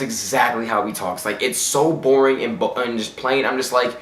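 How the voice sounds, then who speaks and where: A man's voice: mid-range voice, moderate pace, hardly any pauses. Blunt man reviewing in an echoey room. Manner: blunt, ranting, trips over words. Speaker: movie reviewer. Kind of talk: casual opinionated review.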